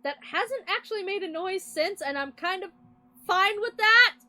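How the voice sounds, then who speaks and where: A woman's voice: very high-pitched, expressive, moderate pace, pushed and bright. A woman streamer commentating a game she plays, reading its text aloud and swearing and joking at it. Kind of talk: let's-play commentary.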